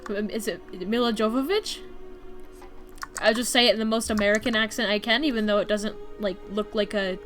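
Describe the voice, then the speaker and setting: A young woman streams her drawing, talking fast with few pauses in a level, mid-range voice that's fairly bright. She chats loosely and rambles, using "like" a lot and restarting, while faint music sounds behind her.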